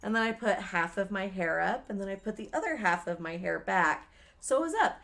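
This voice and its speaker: A woman co-hosting a podcast, telling a story in casual chat, animated and swearing, acting out quoted lines loudly. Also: mid-range voice, fairly quick, gravelly. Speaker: podcast co-host.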